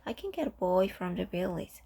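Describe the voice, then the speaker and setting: Kindly older man read by a woman, gentle, hesitant storybook voice, slight fry. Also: on the low side, sing-song, brisk, full character voice.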